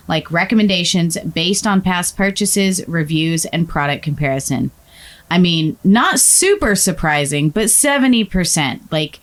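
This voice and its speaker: A woman co-hosts a casual podcast with a slightly low voice. She talks in an animated, joking way and reacts quickly to the others. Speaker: podcast co-host. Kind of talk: casual chat.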